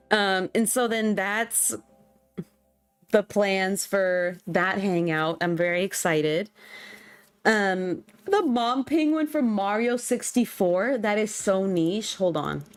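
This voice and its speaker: A woman's voice: medium pitch, lively intonation, slow pace, no echo, soft background music. A young woman streaming and chatting casually with her viewers. She reacts to chat and laughs often.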